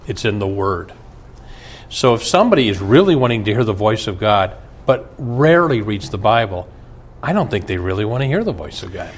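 Attentive male talk show host. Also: mid-range voice. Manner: affirming, attentive listener. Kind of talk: interview conversation.

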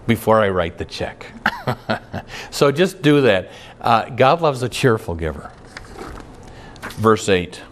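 A man preaching a sermon as pastor, folksy and storytelling, with homespun jokes and some stumbling restarts. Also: lowish voice. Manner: folksy, tells jokes and stories, frequent restarts.

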